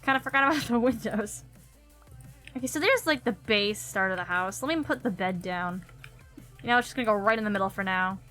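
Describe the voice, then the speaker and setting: Bright, giggly young woman streamer. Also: medium pitch, lively intonation, brisk, faint music behind. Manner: chatty, giggly, thinking aloud. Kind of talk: casual gameplay commentary.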